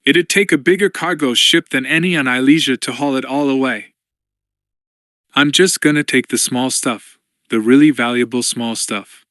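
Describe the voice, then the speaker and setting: A man's voice: medium pitch, normal speed, a bit bright, no room sound, clean studio sound, natural voice. A man voicing a confident young male pilot who talks in a breezy, self-assured way in an audiobook.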